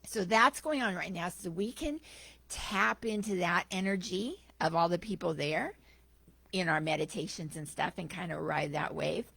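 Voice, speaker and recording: A woman guest speaker giving a lively, enthusiastic and jokey storytelling church talk. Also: mid-range voice, vocal fry, dry recording.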